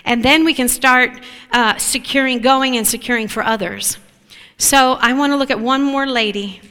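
A woman preaching a sermon in an animated way, often asking the listeners whether they agree. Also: high voice, moderate pace, clean tone. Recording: long hall reverb.

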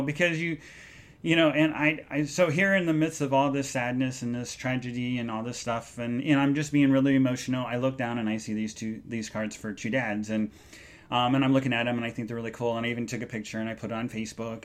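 A man hosting a solo podcast, talking in an earnest, halting way with many restarts as he recounts an emotional day. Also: medium pitch, steady tone. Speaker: podcast host. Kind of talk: solo live podcast monologue.

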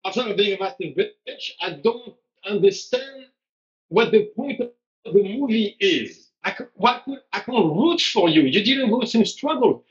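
A man's voice: high-pitched, expressive, measured pace. A man, a strength coach, talking bluntly and animatedly on a live stream, acting out quotes as he goes. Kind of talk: casual conversation on a live stream. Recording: dull lo-fi live stream audio.

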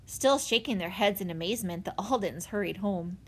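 Expressive woman reading a children's book. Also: mid-range voice, fairly quick, breathy edge. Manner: expressive storytelling. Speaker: audiobook reader. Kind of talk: children's audiobook narration.

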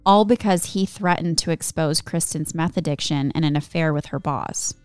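A woman's voice: sits low, normal speed, darkish tone, smooth, dry recording, faint music behind. A woman co-hosting a podcast, telling a true-crime story in a casual, chatty way. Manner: giggly, chatty banter between story segments.

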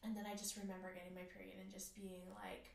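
A woman's voice: mid-range voice, fast talker, gravelly, echoey room, recorded from a distance. A woman telling a personal story in casual conversation, acting out quotes in a raised voice. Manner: animated, acts out quoted lines in a raised voice. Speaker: guest sharing her story.

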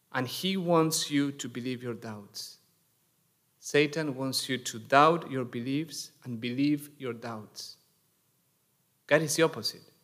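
Male priest, mid-pitched, unhurried sermon delivery in a church, leaning on rhetorical questions. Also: fairly bright tone. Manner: slow, deliberate preaching with rhetorical questions.

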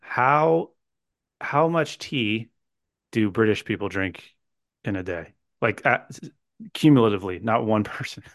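A man with a fairly low voice hosts a podcast, joking and rambling through casual banter. His sound is dry and close to the mic, with no room around it. He playfully quizzes his co-host as he talks. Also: measured pace, pauses often, dry recording. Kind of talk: casual chat.

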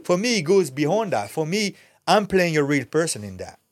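A man's voice: fairly high pitch, normal speed, no room sound. A middle-aged man from France with a French accent, talking candidly and bluntly as a podcast guest, swearing freely. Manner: blunt, profane, animated storytelling. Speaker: guest, actor and fighter. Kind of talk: candid podcast interview talk.

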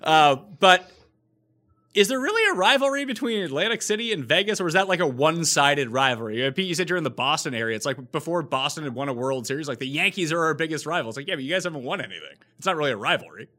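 A Canadian man hosting a casual podcast chat over a remote mic, chatty and quick to ask his co-hosts questions. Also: a little high, animated, pushed and bright. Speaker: podcast host.

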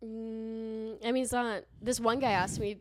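A woman's voice: on the high side, steady tone, a little slow, a little hiss or hum. A young woman co-hosting a podcast in casual chat, laughing often between her lines. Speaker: podcast co-host.

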